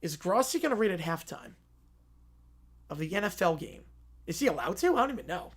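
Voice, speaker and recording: A man hosting a live sports reaction stream, musing aloud in quick rambling talk. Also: sits high, big pitch swings, slightly rough.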